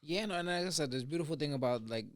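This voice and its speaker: A man hosting a casual interview, talking in a quick, rambling way and often checking in with "you know what I mean". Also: fairly high pitch, expressive, no room sound, studio quality. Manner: fast, filler-heavy, keeps asking "you know what I mean". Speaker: podcast host.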